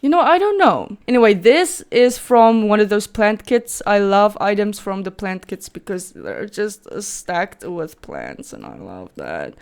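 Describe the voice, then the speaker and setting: A woman's voice: mid-range voice, sing-song, a little slow, hardly any pauses. A woman from South Africa, a native Afrikaans speaker with a South African accent, giving chatty, rambling gameplay commentary as a Sims YouTuber.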